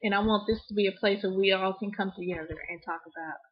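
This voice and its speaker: A woman's voice: medium pitch, fairly even intonation, fast talker, husky. A woman talking candidly to camera in a casual home vlog, chatty and open, with frequent restarts. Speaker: parent vlogger. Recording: dull lo-fi home recording.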